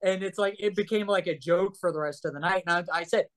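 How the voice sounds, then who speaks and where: A man's voice: high-pitched, fast talker. Rambling man telling stories. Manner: rambling, restarts, swears, animated storytelling. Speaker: guest. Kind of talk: casual anecdote telling.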